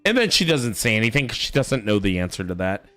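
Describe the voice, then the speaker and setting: Animated man telling stories, dry mic. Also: lowish voice, fast, no echo, faint music behind. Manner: animated storytelling, swearing. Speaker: streamer; father. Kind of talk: casual chat.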